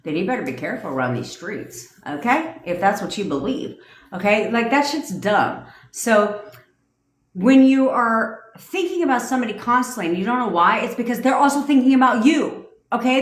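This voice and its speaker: A woman's voice: fairly high pitch, lively intonation, moderate pace, roomy sound. A woman coaching on a livestream, ranting bluntly and profanely and answering viewers' comments. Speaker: manifestation coach. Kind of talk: casual livestream rant.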